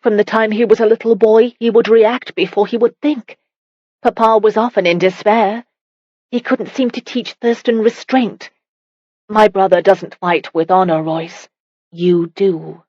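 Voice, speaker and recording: A woman's voice: medium pitch, fairly even intonation, a little slow, a little mellow, no room sound, muffled recording, pitched above the performer's own voice, natural voice. A woman voicing a defiant young noblewoman. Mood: emphatic. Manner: raised, emphatic pleading.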